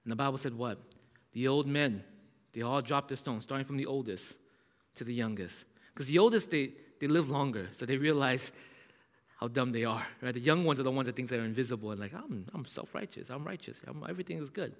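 A male pastor preaching a sermon as animated storytelling. He checks in often with "right?" and suddenly drops his voice to a whisper. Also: medium pitch, fairly quick. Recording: echoey hall.

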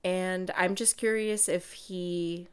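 Woman podcast co-host, low voice, unhurried film chat, acts out scene quotes. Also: steady tone, clean tone. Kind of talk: casual chat about a film.

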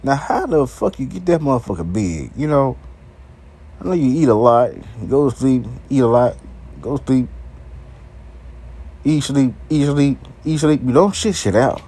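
A man's voice: medium pitch, expressive, normal speed, pauses often, mellow, slightly rough. A man telling a crude, rambling comic story full of swearing. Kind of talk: profane comedic monologue.

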